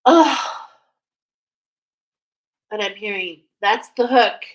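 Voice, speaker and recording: A woman reading oracle cards for her viewers, speaking softly, emotional and tearful at times. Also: mid-range voice, measured pace, low-quality recording. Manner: emotional, tearful, soft-spoken. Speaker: oracle card reader. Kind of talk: spiritual card reading vlog.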